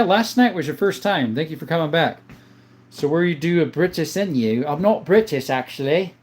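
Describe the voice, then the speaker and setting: Casual man reading his livestream chat. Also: a little high. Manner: reads chat messages aloud and answers with frequent fillers. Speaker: livestream host of a gun channel.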